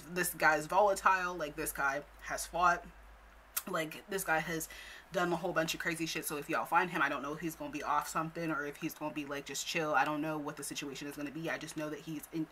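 A young woman telling a story time with animated, profane, exasperated delivery. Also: lowish voice, slight background noise, low-quality recording. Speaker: storytime vlogger. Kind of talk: casual storytelling.

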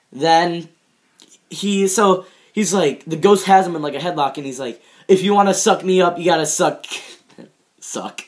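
A young man in his teens giving a casual, rambling review of a TV episode, full of fillers and restarts and laughing at his own jokes. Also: a little high. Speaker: show reviewer.

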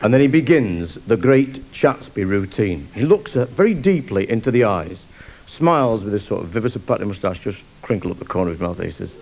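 A man's voice: fairly low pitch, expressive, a little fast, a little mellow. A man doing live stand-up comedy on stage, telling a rambling, mocking story to an audience.

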